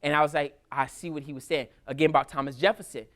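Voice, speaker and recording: Guy lecturing at a school, lively and chatty, street-style storytelling. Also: on the high side, quick pace. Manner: animated, colloquial storytelling. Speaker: history lecturer. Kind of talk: casual lecture. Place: school hall with audience.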